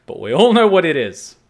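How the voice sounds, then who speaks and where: A man from Australia, hosting an anime reaction video and chatting casually with jokey, animated storytelling. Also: fairly high pitch. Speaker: anime reaction channel host.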